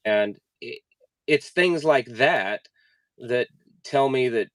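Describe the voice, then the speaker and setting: A man in the middle of his range talks earnestly and haltingly, circling back over his words as he tells a story. The sound is close and dry, with no room around it. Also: medium pitch, animated, no echo. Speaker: podcast host. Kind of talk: casual conversational interview.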